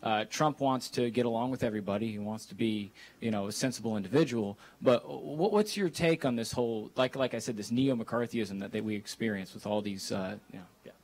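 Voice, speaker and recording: A man's voice: medium pitch, fairly quick, few pauses, a little mellow. A man in the audience puts a question to the speaker at a public event. He rambles and hesitates, trailing off as he builds up to it.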